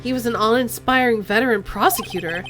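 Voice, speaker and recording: A woman voicing a young male defense lawyer in a video game, wry, sarcastic and quick to exclaim. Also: a little high, music in the background, lightly acted.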